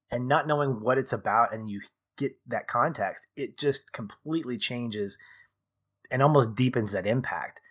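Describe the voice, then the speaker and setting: In a casual conversational review, a podcast co-host in his thirties speaks with a medium-pitched, slightly bright voice. He's enthusiastic and rambling, correcting himself as he goes.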